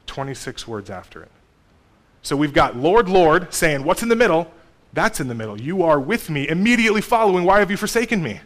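A man in his thirties delivers a sermon as a pastor. He talks to the congregation in a conversational way. His voice swings from emphatic, raised lines to quiet, low asides. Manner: conversational, animated with sudden loud and soft turns.

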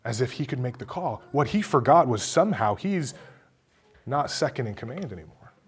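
A male pastor preaching a sermon, his voice dropping low and quiet and then rising into loud, emphatic bursts. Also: lively intonation, moderate pace, breathy edge.

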